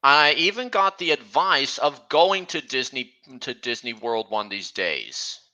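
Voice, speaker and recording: A man chatting casually on a stream, talking slowly and haltingly with frequent restarts. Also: medium pitch, sing-song, sharp tone, rough recording. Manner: halting, many restarts, slow and meandering. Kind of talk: casual chat.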